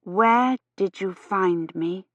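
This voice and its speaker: A woman's voice: mid-range voice, slow pace, a bit bright, no echo. A woman reading aloud, voicing a frightened young woman scholar who pleads anxiously. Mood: desperate. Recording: slightly dull, dry audio.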